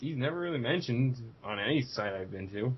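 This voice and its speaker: A man's voice: medium pitch, animated, fairly quick, slight background noise. A man on a podcast in casual chat, making reasoned, questioning remarks. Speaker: podcast co-host. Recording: dull lo-fi audio.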